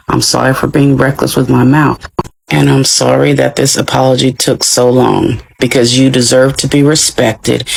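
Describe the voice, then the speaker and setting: A man delivering a long, earnest apology monologue as a steady, repetitive list. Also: medium pitch, creaky, husky, rough recording.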